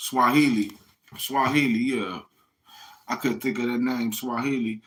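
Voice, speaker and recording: A man's voice: mid-range voice, fairly even intonation, unhurried, fairly bright tone. A man from the United States rambling in a casual monologue, profane and slangy, talking straight to his listeners. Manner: profane, slangy street talk, addressing listeners directly.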